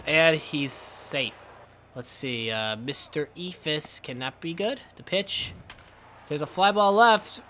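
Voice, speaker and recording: A young man playing a baseball video game and calling the action play by play, breaking into shouts and laughter on big hits. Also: fairly high pitch, expressive, slow pace, a little hiss or hum. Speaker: gameplay commentator.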